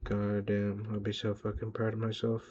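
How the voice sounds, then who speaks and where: A man's voice: fairly low pitch, monotone, moderate pace, a little mellow, a little hiss or hum. A young man rambling through a casual, profane, self-hyping motivational monologue for his vlog, talking to himself in a car. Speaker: vlogger. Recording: dull lo-fi sound.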